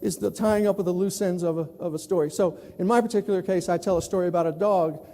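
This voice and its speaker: High-voiced man giving a keynote. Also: quick pace. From New York. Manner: animated, acts out quoted people. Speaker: plenary speaker. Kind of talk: conference keynote storytelling. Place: large conference hall. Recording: long reverb of a large hall.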